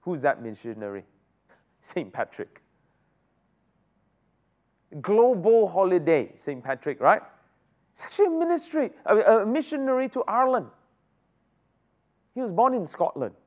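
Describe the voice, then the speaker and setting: A man's voice: high voice, sing-song, a little slow, pauses often. A man teaching a Bible study, often asking the group rhetorical questions. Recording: dull lo-fi recording.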